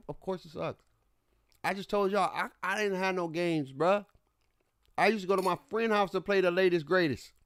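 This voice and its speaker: A man's voice: a little high, no room sound. Laid-back streamer man, dry close voice. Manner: laid-back, repetitive, slangy banter. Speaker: streamer host. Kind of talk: casual livestream chat.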